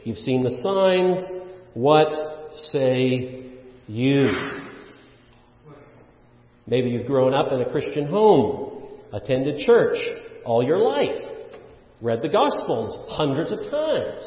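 A man's voice: mid-range voice, very animated, slow pace, pauses often. Pastor guy preaching, voice jumps all over, roomy echoey church sound, kinda dull. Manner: earnest, emphatic, with many restarts and fillers. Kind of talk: sermon.

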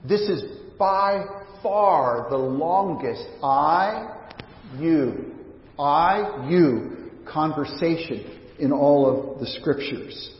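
Slow-preaching man in an echoey hall. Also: on the high side, lively intonation. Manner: conversational, searching, with frequent restarts. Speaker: pastor. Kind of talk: sermon. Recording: echoey church hall, dull lo-fi sound.

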